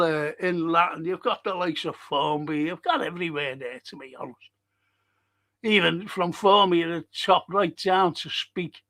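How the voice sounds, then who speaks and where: A man's voice: fairly high pitch, a bit bright. A man hosting a live-streamed local history show, chatting casually with viewers, rambling and swearing freely.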